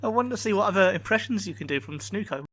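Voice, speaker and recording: Male host, high voice, teasing and pushy; dry close mic. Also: lively intonation, quick pace, a bit bright, slightly rough, no room sound. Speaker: podcast host. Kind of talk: casual comedy chat.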